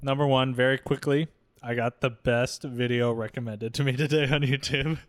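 A young man with a medium-pitched voice co-hosts a podcast. He talks in a laid-back, rambling way. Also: steady tone, moderate pace. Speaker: podcast co-host. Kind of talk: casual chat.

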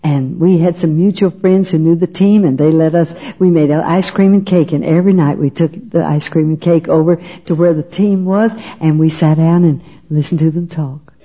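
Older woman, folksy testimony, husky and warm, on a muffled old recording. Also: low voice, fairly even intonation, moderate pace. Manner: folksy storyteller, often asks "you know what?". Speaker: speaker giving her testimony. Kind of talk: personal testimony to an audience. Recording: dull lo-fi recording.

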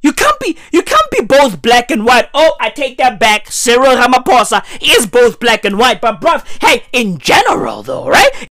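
A woman rants in a heated, profane, repetitive way. Her voice sits high and swings widely in pitch. The sound is dry and close, with no room echo. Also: huge pitch swings, normal speed, few pauses, a bit bright. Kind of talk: profane ranting monologue.

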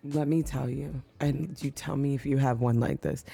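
A woman's voice: rumbling low, steady tone, normal speed, vocal fry, warm tone, slightly rough, soft background music. A woman co-hosting a podcast, chatting casually and laughing as she tells stories. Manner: laughing, conversational, drops into whispers telling stories. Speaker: podcast co-host. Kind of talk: casual chat.

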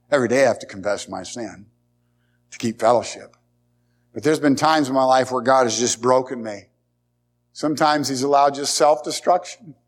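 A man preaching a sermon as pastor, emphatic, repeating key words and asking the congregation rhetorical questions. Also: medium pitch.

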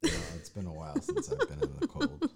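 Deep-voiced relaxed man in his thirties. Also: a little fast. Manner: relaxed, brief replies, laughs easily. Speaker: podcast co-host. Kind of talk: casual couple chat.

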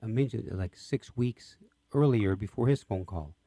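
Mellow, low-voiced male interviewer. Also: a little slow, dry recording. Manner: enthusiastic, leading questions. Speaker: host, interviewer. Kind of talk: radio interview.

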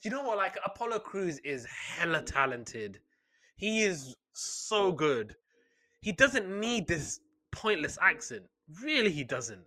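A man co-hosting a casual chat, animated and playful, often slipping into quick voices. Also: a little high, dry recording. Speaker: podcast co-host. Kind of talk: casual chat about wrestling.

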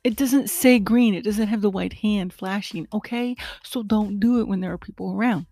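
A woman vlogger chatting casually to her viewers in a rambling, animated way about her pet peeves. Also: medium pitch, moderate pace, dry recording, faint music behind. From lives in Texas. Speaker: vlogger and rideshare driver. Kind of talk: casual chat to camera.

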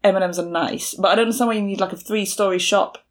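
A woman's voice: medium pitch, steady tone, fast. A woman in casual chat, chiming in with dry asides and questions. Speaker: podcast co-host.

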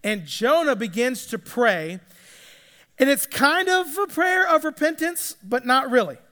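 A man's voice: very high-pitched, lively intonation, unhurried, sharp tone, in a large hall. A man preaching a sermon, retelling a story in a casual, conversational way and acting out the characters' lines. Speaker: pastor.

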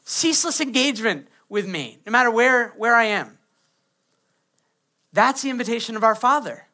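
Bright-voiced pastor preaching playfully. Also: male voice, very high voice, animated, moderate pace. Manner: playful, acts out quoted kids and prayers. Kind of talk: sermon.

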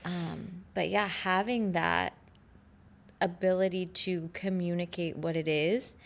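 A woman's voice: fairly low pitch, steady tone, slow, creaky. A woman co-hosting a podcast, speaking in a reflective, open way, with a lot of "like" and "you know.". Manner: reflective and open, with many "like" fillers. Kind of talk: candid podcast conversation.

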